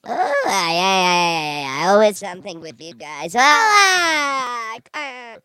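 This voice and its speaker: A man putting on a squeaky, giggly falsetto to play an excitable young guy dropping in. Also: slow, clean tone, no echo, studio quality, exaggerated voice. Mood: giddy.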